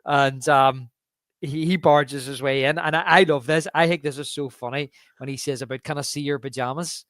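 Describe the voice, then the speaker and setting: A man's voice: a little high, fairly even intonation, normal speed, a bit bright, dry recording, clean studio sound. A man co-hosting a podcast, chatting casually and animatedly, often acting out lines and laughing. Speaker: podcast co-host. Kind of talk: casual film chat.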